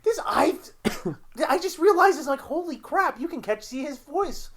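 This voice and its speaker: A man from Canada co-hosting a podcast in casual chat, excitable and prone to jokey exaggeration. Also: extremely high pitch, unhurried. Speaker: podcast co-host.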